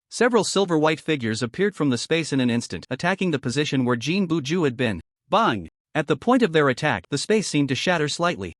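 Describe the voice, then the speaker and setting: A man narrating a fantasy story recap in a dramatic, expressive storytelling manner. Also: fairly high pitch, no echo, clean studio sound.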